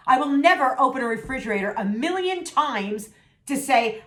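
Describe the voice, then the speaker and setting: A woman's voice: high voice, expressive, normal speed, a bit bright. A middle-aged woman venting candidly to her viewers in a vlog, sassy and emphatic, repeating herself for emphasis, her voice a little worn. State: losing her voice. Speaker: vlogger. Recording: echoey room.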